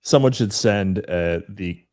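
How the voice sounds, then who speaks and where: A man's voice: on the low side, a little slow, a crowd in the background. A man chatting as a podcast guest, rambling with many fillers. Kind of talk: casual podcast chat.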